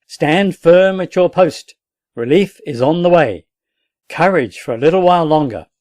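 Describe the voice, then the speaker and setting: A man's voice: a little high, normal speed, vocal fry, a little mellow, dry recording, clean studio sound, voice pushed up. A man reading aloud voices a desperate male army captain under siege, barking commands and oaths. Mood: shouting commands.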